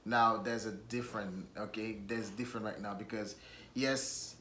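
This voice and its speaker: A man with a Haitian accent co-hosting a casual chat, speaking haltingly with many ums. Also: fairly low pitch, steady tone, sharp tone, roomy sound, a little hiss or hum. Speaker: co-host.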